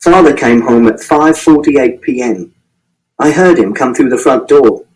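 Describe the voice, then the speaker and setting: A man's voice: mid-range voice, unhurried, a little mellow, poor audio. A man reading a first-person audiobook in a precise, literal, matter-of-fact way. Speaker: audiobook narrator.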